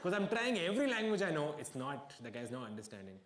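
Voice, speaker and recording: A man's voice: a little high, big pitch swings, fast talker, a bit bright, roomy sound, a little hiss or hum. A male stand-up comedian telling a story in a dry, self-mocking way at a live comedy venue, with audience laughter.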